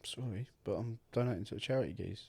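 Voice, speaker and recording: A man's voice: fairly low pitch, quick pace, gravelly, warm tone, husky. A man from England, co-hosting a podcast in casual, sweary banter full of teasing and mock outrage. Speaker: podcast co-host. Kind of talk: casual chat.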